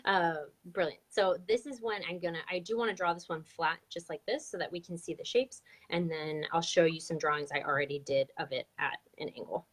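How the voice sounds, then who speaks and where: A woman's voice: on the low side, brisk, hardly any pauses. A woman teaching a live online drawing lesson, chatty and upbeat as she explains each step. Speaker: drawing instructor.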